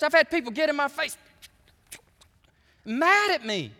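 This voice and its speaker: A man preaching a sermon as pastor, folksy and animated, swinging from hushed asides to shouting. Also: very high voice, unhurried, long reverb tail.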